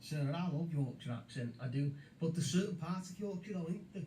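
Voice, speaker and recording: A man's voice: a little high, lively intonation, a little fast, mellow, echoey room, slight background noise, rough recording. A man with a Scouse accent in a heated casual voice chat, mocking and sweary, tagging lines with "lad" and "mate". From Liverpool, England. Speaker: voice chat participant.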